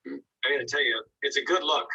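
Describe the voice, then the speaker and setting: A man's voice: medium pitch, steady tone, brisk, gravelly, bright, forceful tone, slightly rough, far from the mic, dull audio. A man teaching an online painting class, giving casual, encouraging critiques of students' work and thinking aloud as he goes. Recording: voice from away from the mic.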